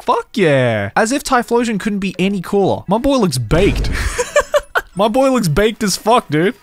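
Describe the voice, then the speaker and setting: Animated, excitable male game streamer. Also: fairly high pitch, normal speed, soft background music. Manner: excitable, swearing, laughing, slangy. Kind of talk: live gameplay commentary.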